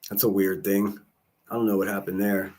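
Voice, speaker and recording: A man's voice: lowish voice, little pitch movement, moderate pace, darkish tone. Rambling, profane Pittsburgh-man. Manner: rambling, profane, joking asides. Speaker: livestreamer. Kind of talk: casual livestream chat.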